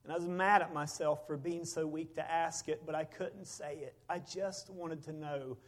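A middle-aged man, a preacher, telling a personal story in a sermon, swinging between loud bursts and hushed moments. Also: on the high side, fairly even intonation, moderate pace.

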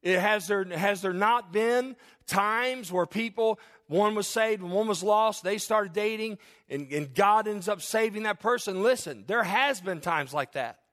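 A middle-aged man, preaching a sermon as pastor. His voice sits high for a man. He talks in an animated way and keeps slipping into the voices of his listeners and of the people in his stories. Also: unhurried, few pauses.

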